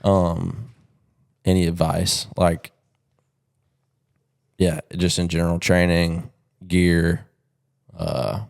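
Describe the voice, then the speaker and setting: Deep voiced podcast guy, chill, asks stuff with lots of um. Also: steady tone, extremely slow, vocal fry, pauses often, darkish tone. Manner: laid-back, hesitant with ums. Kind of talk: casual interview questions.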